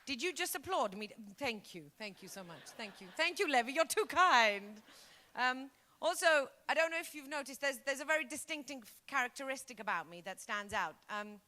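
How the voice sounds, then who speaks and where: Punchy Greek woman comic, high bright voice. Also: fairly quick, hardly any pauses. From Greece. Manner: lively, punchy, acts out bits. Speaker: stand-up comedian. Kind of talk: stand-up comedy set. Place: comedy stage before a live audience.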